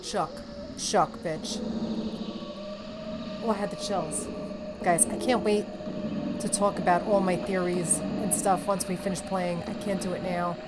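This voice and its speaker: A woman giving casual commentary on a horror game she is playing at home, excitable and talking straight to her viewers with plenty of swearing. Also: lowish voice, a little slow, long pauses, very noisy. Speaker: let's play gamer. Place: home room. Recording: game music behind voice.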